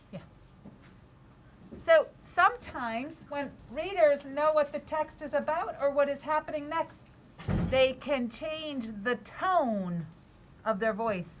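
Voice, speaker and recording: Animated woman teacher reading aloud. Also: high-pitched, slight background noise. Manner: animated, expressive, encouraging.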